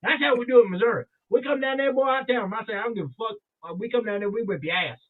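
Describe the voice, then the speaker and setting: A man putting on a brash Missouri construction man with a deep Southern drawl, repeating "boy". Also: very fast, background noise. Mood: brash boasting. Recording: tinny phone-like sound.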